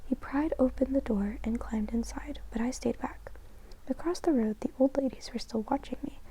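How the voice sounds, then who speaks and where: A woman reading a story aloud in a slow, hushed whispered role-play meant for sleep. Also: high-pitched, husky, rough recording. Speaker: ASMR storyteller.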